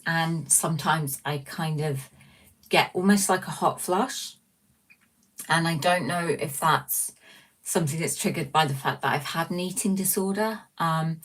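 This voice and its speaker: A woman's voice: deep voice, far from the mic. A woman hosting a casual livestream from a small room. She rambles cheerfully, pokes fun at herself, and reads out viewer comments. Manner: chatty, rambling and self-mocking. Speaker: livestream host.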